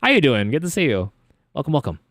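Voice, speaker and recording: A man's voice: a little high, wildly swooping pitch, fast talker, fairly bright tone, no room sound, clean studio sound. Goofy man streaming a game. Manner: goofy, playful. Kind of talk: casual let's-play chat.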